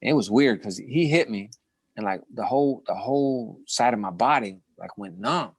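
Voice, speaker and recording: A middle-aged man, formerly a boxing champion, tells stories from his career in a casual interview, his mid-range voice slightly rough and moderately paced. He's an animated narrator, full of restarts, repeated words and brief laughs. The recording is dry.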